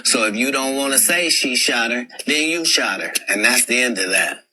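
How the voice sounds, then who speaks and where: Bright man stating a firm opinion. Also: mid-range voice, expressive, moderate pace, low-quality recording. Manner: firm, emphatic, repeats his point. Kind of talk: opinionated talk.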